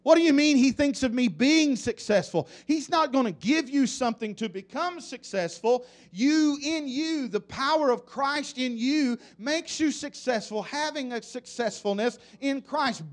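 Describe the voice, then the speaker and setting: High-voiced preacher, rhythmic refrains. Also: male voice. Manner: rhythmic call-and-response preaching, repeating refrains. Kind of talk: sermon.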